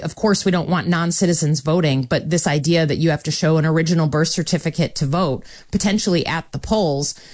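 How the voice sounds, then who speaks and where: Low-voiced woman senator, earnest. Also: darkish tone, no room sound. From Michigan. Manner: measured, earnest, with frequent ums. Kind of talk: political interview.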